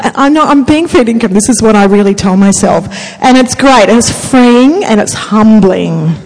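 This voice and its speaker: A woman's voice: fairly high pitch, normal speed, big-room sound, rough recording. Woman telling a funny story. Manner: animated, laughs often, acts out voices. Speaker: panel guest. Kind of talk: humorous storytelling.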